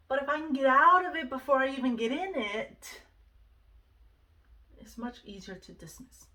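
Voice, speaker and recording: A woman speaks in an earnest, conversational way, sharing personal advice and checking in with asides. Her voice is bright and forceful, and it sits a little back from the mic. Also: a little high, recorded from a distance. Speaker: vlogger sharing self-help advice. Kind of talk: casual personal advice talk.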